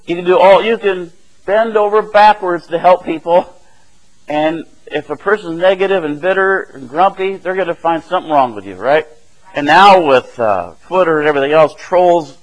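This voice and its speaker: A man's voice: a little high, normal speed, low-quality recording. A man preaching a sermon in a conversational way, often asking "right?" and chuckling as he explains the passage.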